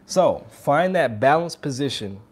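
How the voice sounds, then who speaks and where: A man's voice: mid-range voice, expressive, a little slow, slightly rough. A man giving a casual trumpet lesson, talking straight to viewers in an upbeat, hands-on way. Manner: upbeat, demonstrates by putting on strained voices. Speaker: trumpet teacher.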